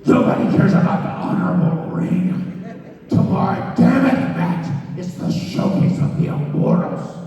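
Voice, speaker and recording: A man doing an impression of a hot-tempered older male wrestling boss, with a raspy, half-shouted, blustering delivery. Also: high voice, animated, unhurried, soft background music, pitched above the performer's own voice. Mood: furious. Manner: blustering, swearing outbursts. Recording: echoey hall from far off.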